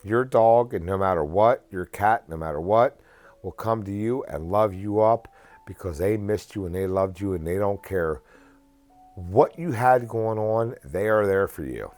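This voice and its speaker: A man's voice: on the low side, measured pace, a little mellow. A man giving casual, earnest advice in a rambling rant that often repeats and restarts phrases. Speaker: vlogger.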